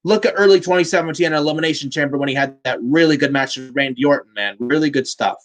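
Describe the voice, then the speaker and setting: A man's voice: a little high, fast, fairly bright tone. A man hosting a casual wrestling review, blunt and fond of swearing, with "man" tacked onto many lines. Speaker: podcast host.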